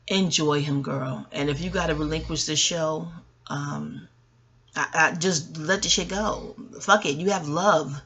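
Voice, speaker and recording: A woman's voice: low-pitched, measured pace, a bit bright. A woman giving a casual, rambling review of a reality TV episode, chatty and profane, with frequent asides to the listener. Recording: faint background noise.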